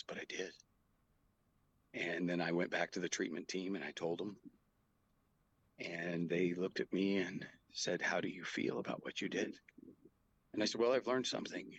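A middle-aged man talks through a hard memory as an interview guest, earnest and halting. His voice sits very low with a gravelly fry and a husky edge. The sound is close and dry. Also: fairly even intonation, a bit bright, highs cut off. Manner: earnest, halting, with quoted dialogue. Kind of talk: personal storytelling in an interview.

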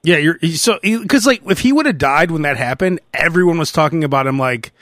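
A man hosts a podcast in a loose, rambling chat and laughs easily. His voice sits on the high side and the sound is dry and close. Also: expressive, a little fast, a bit bright, no room sound. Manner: chatty, laughs often, loose rambling delivery. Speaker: podcast host. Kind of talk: casual chat.

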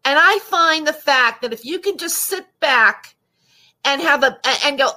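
A woman's voice: high-pitched, lively intonation, a little slow, bright, forceful tone. Upset young woman ranting on a stream. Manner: upset, rambling, repeats herself, greets chat viewers. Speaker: YouTube livestreamer. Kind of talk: emotional livestream rant to chat. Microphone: audio-only stream, no face shown.

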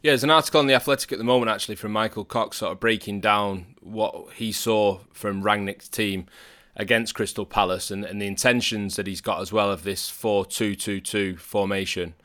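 Bright-voiced football podcast co-host. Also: male voice, lowish voice, fairly even intonation, fairly quick. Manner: steering, asks leading questions. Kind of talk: casual football podcast chat.

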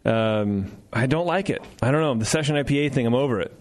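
A man's voice: medium pitch, fast talker. A man hosting a radio show in a studio, joking loosely, swearing freely and doing casual live ad reads. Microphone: studio microphone.

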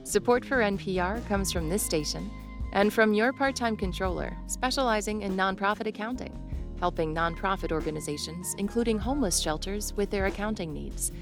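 A woman announcer reading sponsor credits in a smooth, promotional way. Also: mid-range voice, a little fast. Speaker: station announcer. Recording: music bed underneath.

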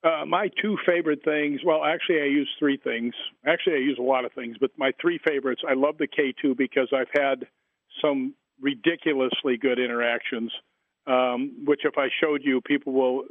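A man's voice: mid-range voice, steady tone, moderate pace, no room sound. A man who wrote a book on the paranormal, telling long rambling anecdotes as a guest in an interview. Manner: rambling anecdotes with many fillers and restarts. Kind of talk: storytelling in an interview. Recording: tinny phone line, dry.

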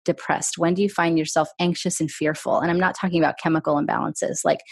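Husky low-voiced woman, earnest storyteller. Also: little pitch movement, fast, no echo. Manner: earnest, candid, recounts her own past with emphasis. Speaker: author and interview guest. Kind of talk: conversational storytelling.

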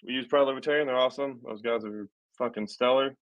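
A man's voice: medium pitch, fairly even intonation, fast talker, highs cut off. Rambling, swearing podcast host man. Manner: rambling, swears, self-mocking with restarts. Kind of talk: casual podcast chat.

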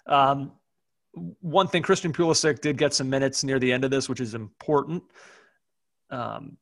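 A man co-hosting a football podcast, relaxed and hesitant with many filler words. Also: mid-range voice, normal speed, creaky. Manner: relaxed, hesitant, lots of ums. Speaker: podcast co-host. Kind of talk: casual football chat.

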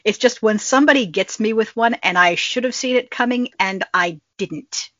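A woman's voice: a little high, normal speed, fairly bright tone, no echo. A woman in casual conversation, joking wryly and tripping over her words as she goes. The recording is close and dry, with a somewhat dull, lo-fi sound. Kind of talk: casual chat.

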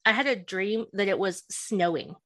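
A woman's voice: medium pitch, moderate pace, no room sound, clean studio sound. A woman hosting a podcast in casual chat, chatty and laughing often. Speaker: podcast host.

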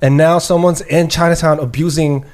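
Male host, level-headed, steady pushback, slightly higher voice. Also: moderate pace. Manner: calm, reasoning, pushes back steadily. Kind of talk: casual conversation.

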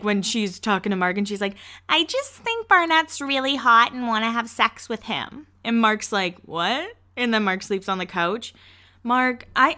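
A woman's voice: on the low side, pushed and bright, smooth. A woman hosting a podcast, chatting casually and gossiping about reality TV. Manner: chatty, gossipy, quick asides. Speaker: podcast host. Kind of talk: casual pop-culture recap.

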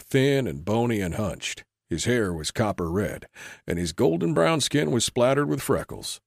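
A man giving measured scripted narration of an old-west audiobook. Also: medium pitch, creaky, no room sound. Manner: measured storytelling. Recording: dry close recording.

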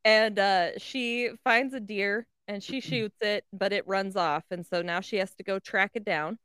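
A woman's voice: medium pitch, fairly even intonation, a bit bright, clear, resonant tone, no room sound, clean studio sound. A woman co-hosting a podcast, casually recapping an episode's plot and swearing as she tells it. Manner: slow, profane storytelling. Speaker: podcast co-host.

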